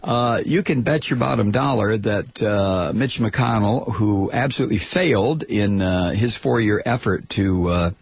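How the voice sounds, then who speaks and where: A man hosting a political talk radio show, ranting in a sarcastic, mocking monologue that swings from loud outrage to low muttering. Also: unhurried, hardly any pauses, breathy edge.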